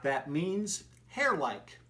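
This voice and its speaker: A woman explains things in a relaxed, matter-of-fact way. Her voice sits extremely low for a woman. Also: extremely slow.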